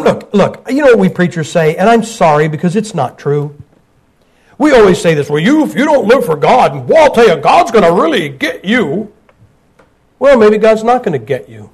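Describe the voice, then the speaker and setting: Male preacher with a high voice, folksy sermon storyteller, light humor. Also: a little mellow, rough recording. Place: church.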